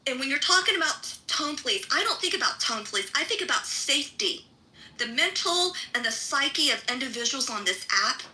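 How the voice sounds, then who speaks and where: Heated woman ranting in an audio room, high pitched, real bright voice, swears a lot. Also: lively intonation, a little fast, low-quality recording. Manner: angry, profane, sarcastic mimicry of others. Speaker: live audio room participant.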